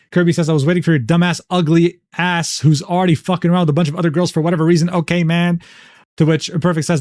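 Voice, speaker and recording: A man's voice: fairly high pitch, steady tone, brisk, long pauses, a little mellow, no room sound, clean studio sound. A man streaming casually, reading messages and screenshots aloud with profane, exasperated, sarcastic asides. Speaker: streamer reading drama documents. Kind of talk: casual livestream commentary.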